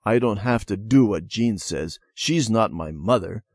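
A man's voice: fairly low pitch, lively intonation, measured pace, darkish tone, no room sound, studio quality. A man voicing a defiant young boy in a storybook lesson.

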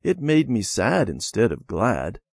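A man voicing a patient mother who calmly teaches her children. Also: lowish voice, unhurried, creaky, husky, dry recording, heavily acted. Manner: calm, instructive storytelling.

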